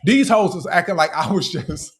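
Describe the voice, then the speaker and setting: He's a young livestreamer whose voice sits high, moving at a normal speed with lively intonation. Angry and profane, he confronts the people criticizing him in a heated rant.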